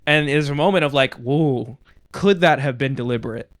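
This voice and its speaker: A man's voice: mid-range voice, moderate pace. A man co-hosting a podcast in casual chat, animatedly retelling events and slipping into quoted voices. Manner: animated storyteller, quotes wrestlers in put-on voices. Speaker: podcast co-host. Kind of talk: casual chat recapping wrestling.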